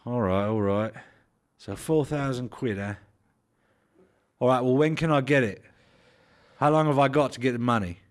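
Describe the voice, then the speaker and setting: A man voicing a quick-tempered, foul-mouthed gangster. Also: mid-range voice, close to an everyday voice. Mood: guarded. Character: hot-tempered crude British gangster.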